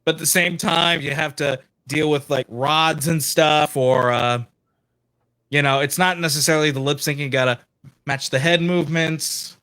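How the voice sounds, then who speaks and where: A man's voice: fairly high pitch, steady tone, normal speed, pushed and bright, clean tone. Male co-host, lightly raised voice, eager chat-show energy. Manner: enthusiastic, plugs upcoming episodes.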